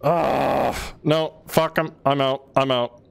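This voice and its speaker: A man's voice: medium pitch, steady tone, takes it slowly, creaky, smooth. A man streaming a game, ranting and swearing in exasperated, repetitive bursts. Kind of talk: frustrated gameplay commentary. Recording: faint music behind.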